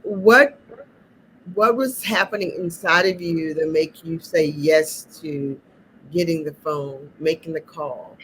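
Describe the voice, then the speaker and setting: A woman's voice: sits low, slow, fairly bright tone, slight background noise, rough recording. A woman hosting a podcast, asking her guest questions in a casual, searching way. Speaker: podcast host. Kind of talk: interview questions in casual chat.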